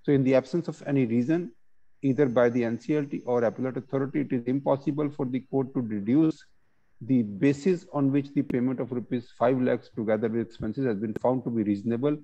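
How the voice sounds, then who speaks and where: A man presenting a webinar on court judgments, reading case text and explaining it with many pauses and fillers over a video call. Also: mid-range voice, steady tone, dark tone, lo-fi sound.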